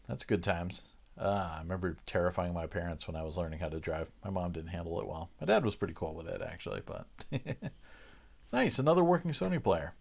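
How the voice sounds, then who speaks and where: A man hosting a livestream, chatting casually with viewers and chuckling between loose, filler-heavy sentences. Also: low-pitched. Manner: relaxed, chuckling, lots of "uh" fillers. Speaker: livestream host. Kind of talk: casual chat with live chat viewers.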